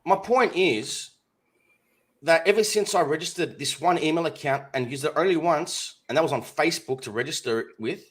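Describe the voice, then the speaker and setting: A man's voice: a little high, moderate pace, husky. A man co-hosting a casual chat show, blunt and given to swearing while telling stories. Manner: blunt and swearing, lively storyteller. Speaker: podcast co-host.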